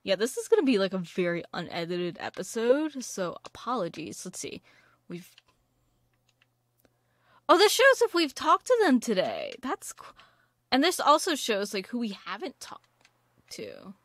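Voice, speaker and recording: A woman's voice: mid-range voice, wildly swooping pitch, unhurried, long pauses, fairly bright tone, no room sound, clean studio sound. A woman giving casual, rambling let's-play commentary while playing a video game, full of fillers and restarts. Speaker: gaming video creator.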